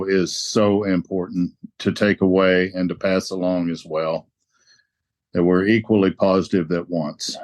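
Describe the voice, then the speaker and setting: Deep-voiced man speaking with an accent. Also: darkish tone. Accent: non-native. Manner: emphatic, repeats key words. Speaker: roundtable participant. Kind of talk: casual recovery-meeting sharing.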